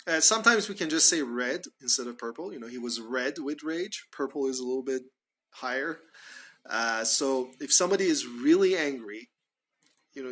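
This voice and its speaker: A man with a Canadian accent teaching English idioms, patiently repeating phrases slowly and giving examples. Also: fairly high pitch, a bit bright. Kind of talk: spoken English lesson on idioms.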